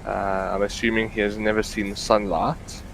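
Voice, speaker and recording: A man streaming a flight sim, talking into a headset with dry, wry asides. His voice sits a little low, with a faint hum behind it. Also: level tone, normal speed. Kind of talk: casual gaming chat.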